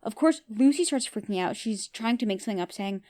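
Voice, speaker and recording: A woman's voice: a little high, animated, fairly quick, dark tone. A woman hosting a podcast who recaps a TV episode in a casual, opinionated way and often asks her listeners questions. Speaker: podcast host.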